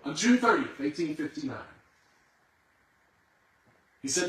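Dramatic storyteller in an echoing hall. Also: male voice, fairly high pitch, animated, moderate pace, fairly bright tone. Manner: dramatic storyteller, builds suspense. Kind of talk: storytelling sermon. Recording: echoey hall, far from the mic.

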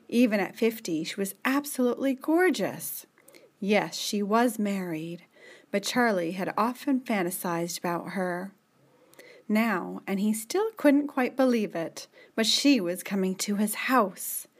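A woman narrating a story in a slow, measured way, sometimes dropping to a hushed whisper. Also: mid-range voice.

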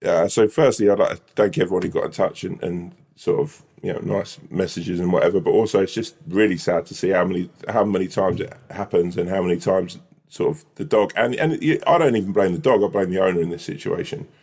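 A man's voice: deep voice, a little fast, a little mellow, breathy edge. A man chatting casually on a podcast, rambling through silly made-up scenarios. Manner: rambling, builds silly hypotheticals. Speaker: podcast co-host. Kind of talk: casual banter.

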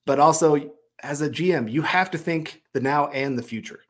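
A man's voice: on the high side, normal speed. A man co-hosting a sports podcast, explaining his reasoning at length in a conversational way. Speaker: podcast co-host. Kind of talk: casual sports analysis.

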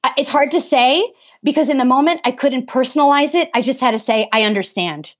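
A woman's voice: sits high, brisk. A middle-aged woman talking earnestly in a conversation, emphatic and often restarting her phrases. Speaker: theatre vocal coach.

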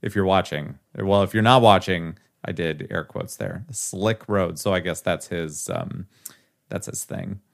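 Male podcast co-host, lowish voice, reads news with dry asides in casual chat. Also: unhurried, gravelly. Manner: wry, reads an article aloud with asides.

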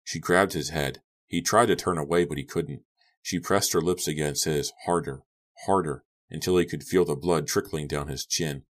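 A man reading a horror novel aloud as an audiobook narrator, in a measured, subdued way. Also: a bass voice.

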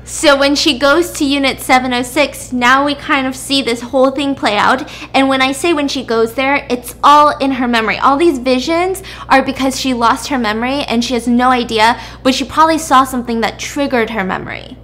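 Higher-pitched woman animatedly recapping a drama. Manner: animated storytelling with quick asides. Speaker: podcast host. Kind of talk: casual drama recap chat.

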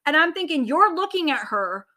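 Woman book reviewer, casual profane chat, bright voice. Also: high voice, moderate pace. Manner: profane, animated retelling with acted-out quotes.

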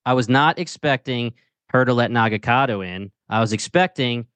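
A man co-hosting a casual podcast discussion, relaxed and thinking aloud. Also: medium pitch, normal speed, no echo. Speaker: podcast co-host.

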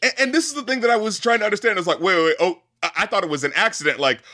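A man's voice: high voice, very fast, sharp tone. A man reviewing a movie in casual chat, rambling and acting out scenes in quoted voices.

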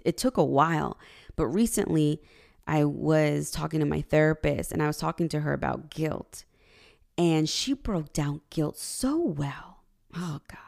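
A woman's voice: low-pitched, vocal fry, a little mellow. A woman in her thirties giving a preachy, direct motivational talk and addressing her audience. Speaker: motivational speaker.

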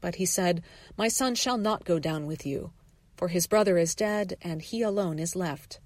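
A woman's voice: fairly low pitch, moderate pace, darkish tone, no room sound. Woman reading scripture aloud. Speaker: lay reader.

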